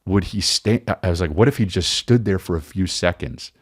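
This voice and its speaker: A man's voice: deep voice, normal speed, no room sound, clean studio sound. A comedian hosting a podcast, telling a rambling story in casual monologue, acting out quotes and often restarting his sentences. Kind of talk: animated comic storytelling.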